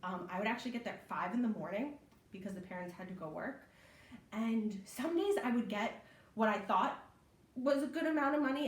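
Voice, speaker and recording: A woman's voice: a little high, lively intonation, fairly quick, far from the mic. A young woman giving a casual online class on babysitting, chatty with lots of ums and a habit of asking "right?". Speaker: library program instructor. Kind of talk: casual teaching talk. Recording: echoey room.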